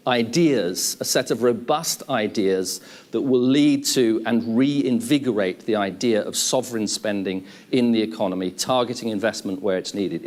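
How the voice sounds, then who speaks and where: A middle-aged man giving an academic conference talk, lecturing in a measured way with lists and restatements. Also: mid-range voice. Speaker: conference speaker.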